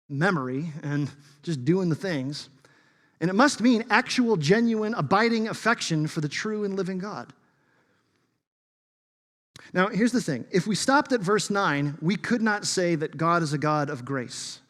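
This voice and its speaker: A man preaching a sermon as pastor, emphatic and shifting between loud bursts and hushed asides. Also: sits high, expressive, unhurried. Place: church sanctuary. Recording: long reverb of a large hall.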